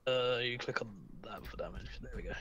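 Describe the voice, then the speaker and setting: A man's voice: medium pitch, steady tone, brisk, sharp tone, lo-fi sound, slight background noise. A man playing in an online tabletop game, chatting casually and swearing often. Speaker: player.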